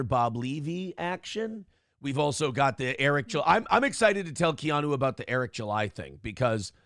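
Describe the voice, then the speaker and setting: A man's voice: on the high side, gravelly, a bit bright, dry recording, clean studio sound. A man hosting a casual morning show, ranting with profanity and self-deprecating humor. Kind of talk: casual podcast rant and chat. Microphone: headphones and clamp-mounted desk microphone.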